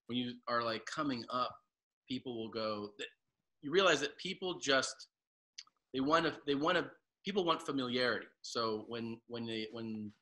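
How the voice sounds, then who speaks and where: A man who is a stand-up comedian, telling laid-back anecdotes in a casual podcast chat and dropping low and quiet for people he quotes. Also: lively intonation, normal speed.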